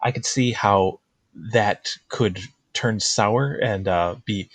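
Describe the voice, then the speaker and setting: A man with a lowish, husky voice speaks quickly and chattily in a casual discussion about games. The sound is dry, with little room. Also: no echo. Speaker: podcast co-host.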